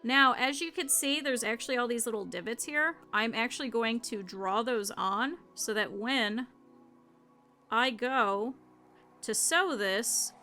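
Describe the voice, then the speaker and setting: Casual woman streamer, crisp bright tone, talks chat through craft steps over faint music. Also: fairly high pitch, measured pace. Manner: chatty, explains as she works, talks to chat. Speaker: streamer teaching plush sewing. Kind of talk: casual step-by-step craft tutorial.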